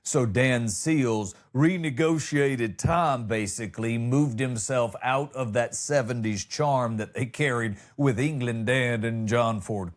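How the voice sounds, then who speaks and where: An American man hosting a comedy podcast, telling stories in a loose, rambling way with jokey asides. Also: on the low side. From United States.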